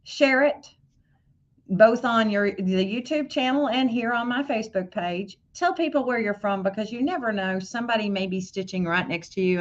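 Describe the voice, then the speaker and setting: A woman hosting a casual livestream tutorial on embroidery software, chatting and greeting viewers by name. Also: mid-range voice, lo-fi sound.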